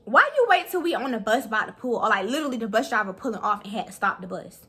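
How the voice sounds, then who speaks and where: A young woman telling a story in a vlog, animated and profane, talking fast. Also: a little high, breathy edge. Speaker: vlogger.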